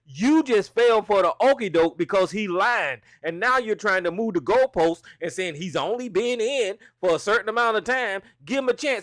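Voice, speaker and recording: A man's voice: high-pitched, no room sound. A man on a call-in show, swearing and mocking the other side in a heated argument. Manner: profane, shouting insults, mocking. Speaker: call-in participant.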